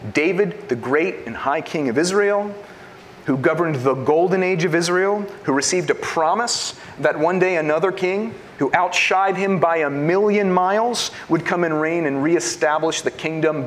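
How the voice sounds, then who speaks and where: Animated preaching man, lively pitch. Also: a little hiss or hum. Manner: animated preaching, rhetorical questions, swings between loud and hushed. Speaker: pastor. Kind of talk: sermon.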